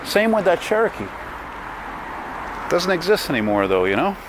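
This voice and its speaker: This man's voice sits high with big pitch swings at a normal speed as he walks the city talking casually to his camera. He grumbles and swears as he goes, and the handheld mic catches outdoor wind and traffic.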